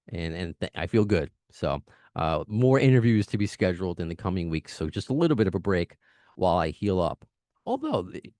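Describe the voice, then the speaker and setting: Deep-voiced New podcast host. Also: male voice, a little mellow, dry recording, clean studio sound. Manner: fast talking, chatty, laughs often. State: recovering from lost voice. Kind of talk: casual podcast chat.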